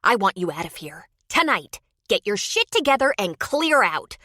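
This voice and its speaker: A woman's voice: a little high, animated, normal speed, bright, forceful tone, dry recording, clean studio sound, pitched above the performer's own voice. A woman voicing a spirited young wife who confronts others sharply and angrily. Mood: furious.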